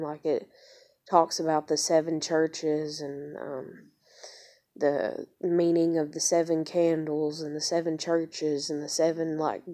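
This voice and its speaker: A woman's voice: low voice, warm tone. A young woman, rambling emotionally and swearing as she searches for words in a personal confession. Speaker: vlogger.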